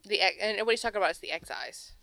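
A woman co-hosting a casual podcast chat, chatty and quick to object. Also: mid-range voice, creaky, sharp tone, no room sound. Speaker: podcast co-host.

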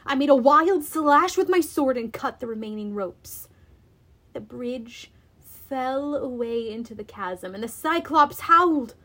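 A woman reading a first-person adventure aloud, expressive and deliberate. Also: sits high. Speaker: audiobook reader. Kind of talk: dramatic first-person storybook narration.

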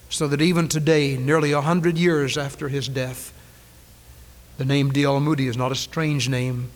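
A male preacher delivering a dramatic sermon, repeating key phrases and swinging between loud declarations and hushed lines, on a 1990s church recording. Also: medium pitch, in a large hall.

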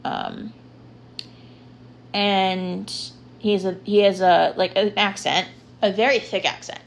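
A young woman hosts a casual solo podcast, chatting and rambling with lots of ums, likes, and other fillers. She sounds very animated in a mid-range voice with vocal fry, and she takes her time.

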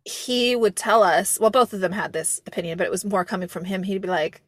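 A woman's voice: mid-range voice, brisk, no room sound. Rambling, laughing woman podcast host. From America. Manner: rambling, animated, laughs often, swears casually. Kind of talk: casual chat.

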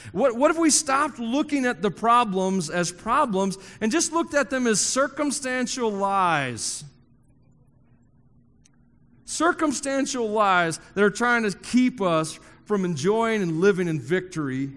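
A man preaches to a live congregation in a big hall, his high voice swooping up and down as he jokes with the crowd. He keeps repeating his key lines for emphasis, and a long reverb trails behind every phrase. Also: fairly bright tone. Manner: joking and conversational with the congregation. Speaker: pastor. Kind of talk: sermon. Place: church hall before a congregation.

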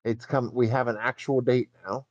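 A man's voice: medium pitch, steady tone, normal speed, no room sound, dull audio. A man co-hosting a gaming podcast in casual chat, teasing his co-host and sharing news. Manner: teasing, laughs often, shares news.

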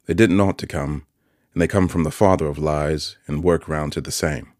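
A man voicing a kindly, simple-spoken village blacksmith in an audiobook, with earnest, gentle country speech. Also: very deep voice, fairly even intonation, normal speed, no room sound, clean studio sound. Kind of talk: audiobook character voice.

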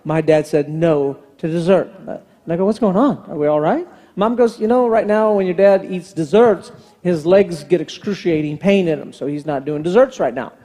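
A man's voice: sits high, normal speed, warm tone. A man in his fifties preaching a sermon as pastor, telling a family story and acting out the dialogue. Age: 50s. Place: large church hall. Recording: long hall reverb from the sanctuary.

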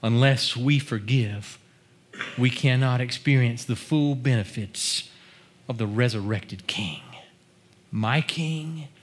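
A man preaching a sermon, building chanted refrains to shouted climaxes before dropping to quiet, earnest teaching. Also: mid-range voice, takes it slowly, a little hiss or hum.

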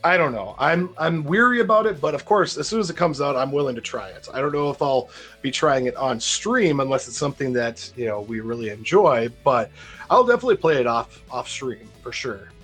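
A man's voice: medium pitch, lively intonation, brisk, fairly bright tone, husky, soft background music. A man with a Minnesota accent hosting a casual gaming podcast, rambling and repeating words as he talks. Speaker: podcast host.

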